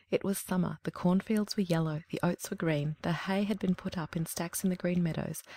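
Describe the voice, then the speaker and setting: A woman narrating a classic fairy tale in a calm, measured storybook reading. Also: on the low side, creaky, no room sound.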